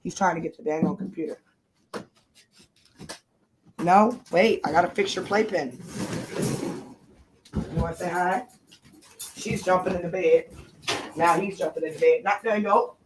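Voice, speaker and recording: A woman's voice: on the low side, unhurried, long pauses, background noise. A woman hosting a casual live chat from her bedroom at home, stopping often to scold and coo at her puppies. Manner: chatty, scolding her puppies mid-talk. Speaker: live stream host. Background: puppies moving about.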